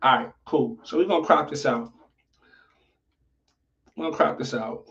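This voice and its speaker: Guy w/ a high voice hosting a stream, swears a lot, aave, sounds far from a muffled mic. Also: normal speed. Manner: profane, animated, talks to viewers. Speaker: livestream host. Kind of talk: casual livestream commentary. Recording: dull lo-fi audio from off-mic.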